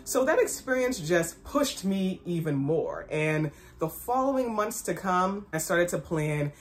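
Young woman, lowish voice, storytelling vlog host, repeats lines for emphasis. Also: big pitch swings, measured pace. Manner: emphatic, repeats phrases for effect; acts out quoted voices in her story. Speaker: fashion blog founder and host. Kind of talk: personal storytelling to camera.

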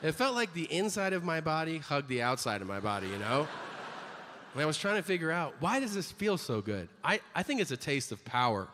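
A man's voice: a little high, very animated, fairly quick, noisy background. A man performing a stand-up comedy set with wry, conversational storytelling on stage. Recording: long hall reverb with faint ambience.

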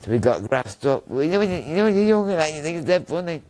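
A man's voice: fairly high pitch, very animated, fast talker, a little mellow, poor audio. A middle-aged man from Norway with a Manchester accent, telling rambling stories in a casual interview and often repeating himself. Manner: chatty, rambling, repeats himself, laughs at his own stories. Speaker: guest.

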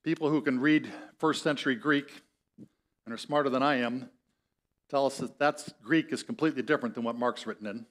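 A man's voice: mid-range voice, normal speed. A man preaching a sermon as pastor, telling the story in a conversational way and acting out the voices in it. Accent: Upper Midwest American. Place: church sanctuary.

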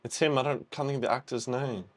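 Here a young reaction-video host speaks quickly in a steady, mid-range voice. It's casual commentary on a film he's seeing for the first time, full of chatter, exclamations and musing aloud.

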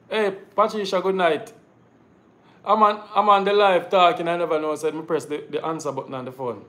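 Animated Jamaican man hosting a live stream. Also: on the high side, fast talker, hardly any pauses. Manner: animated storytelling in patois, addresses viewers as guys. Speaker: live show host. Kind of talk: casual live-stream chat.

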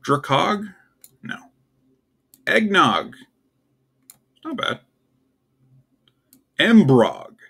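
A man's voice: a little high, huge pitch swings, extremely slow, vocal fry, pauses often, fairly bright tone, breathy edge. A young man hosting a casual solo video, ranking words with offhand, puzzled and wry asides. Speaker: tier list video host.

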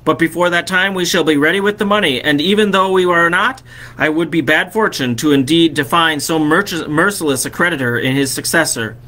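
A man's voice: a little high, brisk, sharp tone. A man reading as a relieved indebted husband. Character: relieved husband of a debt-ridden couple.

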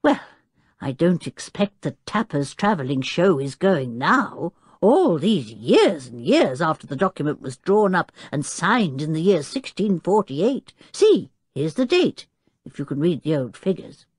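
A woman voicing an older male professor who explains things in a measured, scholarly way in an audiobook. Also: low-pitched, very animated, darkish tone, husky, no echo, clean studio sound, exaggerated voice. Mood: explanatory.

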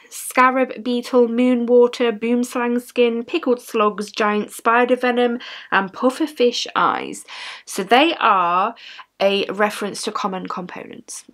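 Chatty woman unboxing. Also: on the high side. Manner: chatty and gushing, reads item cards aloud. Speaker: unboxing vlogger. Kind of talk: casual unboxing chat.

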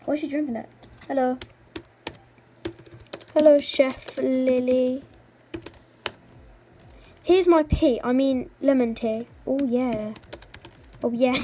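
A woman with a high, mellow voice talks through a game at an easy, slow pace. She giggles often and chatters playfully at the characters on screen. Faint keyboard clicks sit behind her. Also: fairly even intonation, husky. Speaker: gaming channel host. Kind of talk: casual game commentary.

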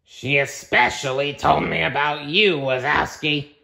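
A strict, menacing female monster who runs the office, put on by a man reading a storybook aloud. She speaks in a raised, drawn-out voice, slow and pointed. Each word lands like a warning. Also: a little high, steady tone, gravelly, pushed and bright, pitched above the performer's own voice, full character voice. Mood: stern.

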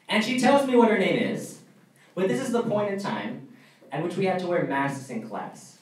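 Squeaky, animated young comedian in echoey room. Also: male voice, normal speed. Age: young adult. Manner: animated, voice jumps high and squeaky when excited. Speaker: stand-up comedian. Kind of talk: stand-up storytelling set. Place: college comedy club stage before a live audience. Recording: echoey room, picked up from a distance, faint noise.

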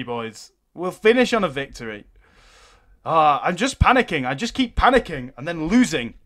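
A young gaming YouTuber provides excitable live commentary on his gameplay, swearing and exclaiming whenever things go wrong. His voice is a little high.

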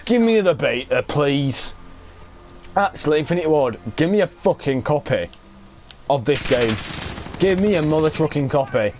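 A young man giving excitable, sweary live commentary while playing a shooter game. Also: a little high, normal speed, slight background noise. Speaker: gaming streamer.

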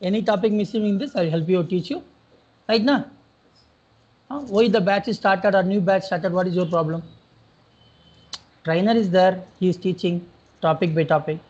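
A man's voice: high-pitched, normal speed, pauses often, a little mellow, husky, highs cut off. A man with an Indian English accent teaching a class as a trainer, scolding and exasperated, repeating his questions again and again. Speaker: technical trainer. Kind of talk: classroom lecture.

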